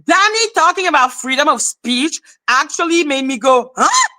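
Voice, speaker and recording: A woman hosting a commentary livestream, ranting with heavy profanity and mockery, breaking into shouts. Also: high-pitched, expressive, normal speed. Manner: profane, mocking, shouts in outbursts. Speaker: commentary channel host. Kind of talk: heated livestream rant.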